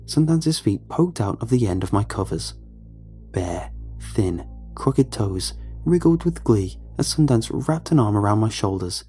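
A man narrating a first-person horror story in a calm, measured, low-key way. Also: breathy edge.

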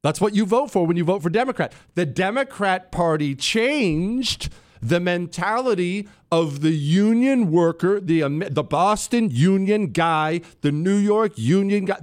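A man hosting a talk radio show, delivering an emphatic, opinionated monologue and calling out to his producers. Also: sits high. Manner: animated, emphatic, addresses producers on air.

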